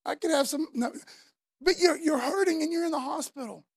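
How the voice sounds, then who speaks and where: A woman preaching a sermon, emphatic and repetitive, building from quiet to loud and passionate. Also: high voice, brisk, creaky, no echo, studio quality.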